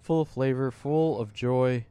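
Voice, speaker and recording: A man's voice: mid-range voice, measured pace, mellow, smooth. A laid-back man in casual chat, swearing and drawing out long descriptions.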